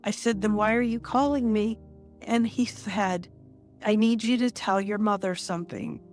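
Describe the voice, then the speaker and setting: A woman in her sixties, an interview guest, telling a personal story in a measured, reflective way with pauses between phrases. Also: mid-range voice, fairly even intonation, a little mellow, faint music behind.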